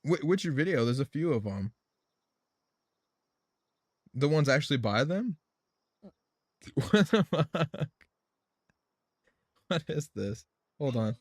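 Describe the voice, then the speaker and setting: A man's voice: mid-range voice, animated, unhurried, long pauses, dry recording, clean studio sound. A man live streaming a game, chatting casually in a loose, rambling way, swearing and laughing often.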